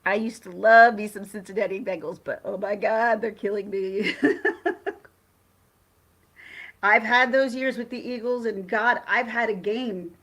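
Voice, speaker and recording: An excitable woman hosts a casual livestream and chats loosely with viewers. Her voice sits in a middle register. She rambles and restarts her sentences often as she talks. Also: mid-range voice, measured pace, long pauses. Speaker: livestream host.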